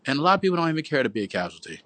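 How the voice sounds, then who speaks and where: In a fairly high, sing-song voice, a man fires off a rapid, profane, sermon-like monologue from his phone livestream at home, preachy and repetitive, calling viewers "boo" and "y'all." His tone is fairly bright, and there is no echo.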